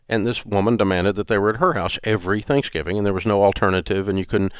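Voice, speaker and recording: Blunt folksy man in his sixties, low voice. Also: animated, fast talker, hardly any pauses, clean tone, dry recording, studio quality. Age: 60s. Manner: folksy, blunt and sarcastic, acts out quoted voices. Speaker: radio show host. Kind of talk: call-in advice show talk.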